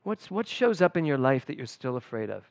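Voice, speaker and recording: A middle-aged man, a spiritual director, giving a conversational sermon at a church service, telling personal stories with lively emphasis. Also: mid-range voice, fairly quick, no echo. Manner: animated and personal, storytelling with emphatic swings.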